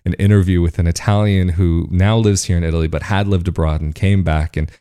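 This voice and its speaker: A man's voice: deep voice, fairly even intonation, brisk, mellow, clear, resonant tone. A man from the United States talking casually to camera as a video host, chatty and often laughing between points.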